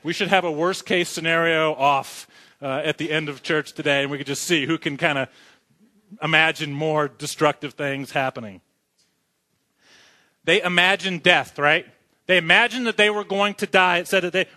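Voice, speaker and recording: High, bright-voiced man preaching a sermon. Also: steady tone, normal speed. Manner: asks the congregation questions, jokes as he talks. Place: church sanctuary.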